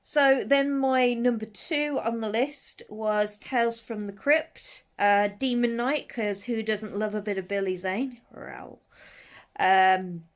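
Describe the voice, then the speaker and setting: A woman's voice: fairly high pitch, slow. Chatty English woman with faded Brummie accent. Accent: faded Brummie / Black Country. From English West Midlands. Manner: chatty, rambling, lively with frequent asides. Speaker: horror movie reviewer. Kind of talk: casual vlog chat. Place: at home, settled under a blanket.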